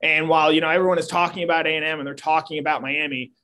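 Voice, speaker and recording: A man's voice: a little high, steady tone, very fast, pushed and bright, a little hiss or hum. A man co-hosting a casual sports talk show, analytical and prone to restarting his sentences. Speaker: sports podcast co-host.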